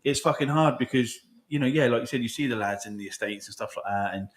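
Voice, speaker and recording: Fast-talking man, casual and sweary. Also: medium pitch. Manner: swears often, rambling, frequent "do you know what I mean". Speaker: podcast host. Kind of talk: casual chat.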